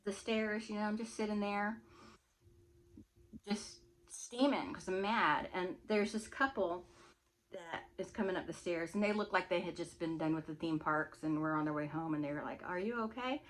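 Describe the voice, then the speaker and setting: Woman vlogger, casual storytime, animated and chatty, laughs a lot. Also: on the low side, normal speed, a little hiss or hum.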